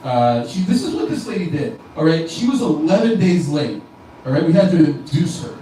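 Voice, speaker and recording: A male comedian with a fairly high, expressive, dark-toned voice speaks at a moderate pace over a little hiss or hum. He rambles profanely through his club set, doubling back and restarting lines, heard via a distant mic in an echoey room with crowd ambience.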